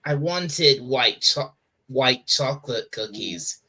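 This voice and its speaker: A person from England chatting casually on a podcast, talking haltingly with many restarts. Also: medium pitch, lively intonation, crowd noise. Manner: hesitant, halting. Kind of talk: casual chat.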